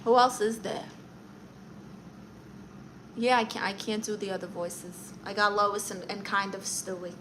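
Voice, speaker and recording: A woman's voice: mid-range voice, fairly even intonation, unhurried, long pauses, noisy background. A woman hosting a casual livestream, reading viewer comments aloud in a chatty, playful way and laughing at herself. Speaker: livestream host.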